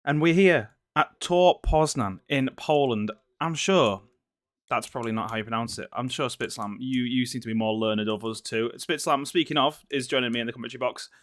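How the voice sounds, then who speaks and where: A man's voice: mid-range voice, moderate pace. A man with a Yorkshire accent commentating a sim racing league, chatty and joking. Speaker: race commentator. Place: commentary box.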